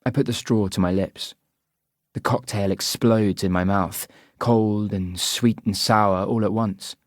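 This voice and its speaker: A man reading a first-person audiobook narration in an even, measured way. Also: lowish voice, dry recording, clean studio sound.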